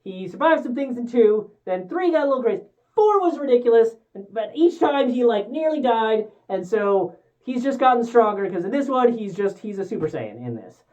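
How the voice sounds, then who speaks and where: A woman rants through a casual movie review with a lively, swooping pitch. She swears freely and sounds exasperated. The recording is dull and lo-fi. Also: normal speed. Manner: exasperated, profane ranting.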